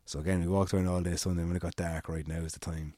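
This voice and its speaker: A man's voice: sits low, level tone, rapid-fire, dark tone, no echo, clean studio sound. Irish man telling a rambling story. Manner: rambling anecdote with quoted dialogue and swearing. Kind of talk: casual storytelling chat.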